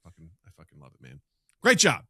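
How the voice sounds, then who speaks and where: A man in his thirties co-hosting a casual podcast, animated, laughing and swearing as he chats. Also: quick pace, no echo, studio quality. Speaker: podcast co-host.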